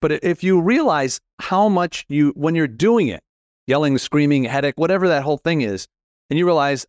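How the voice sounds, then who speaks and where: A middle-aged man hosting a podcast interview, talking in a rambling, animated, self-deprecating way. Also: a little high, normal speed, dry recording, studio quality. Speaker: podcast host. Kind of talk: casual conversational interview.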